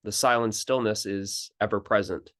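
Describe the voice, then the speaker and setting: A man as a spiritual teacher, calmly explaining in an unhurried contemplative talk, pausing and restarting phrases. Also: lowish voice.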